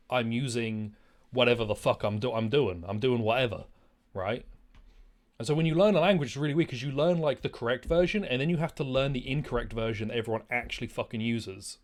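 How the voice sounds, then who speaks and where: A man streaming a game and chatting casually, rambling and swearing freely. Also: medium pitch. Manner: rambling, profane, animated. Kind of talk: casual gaming commentary.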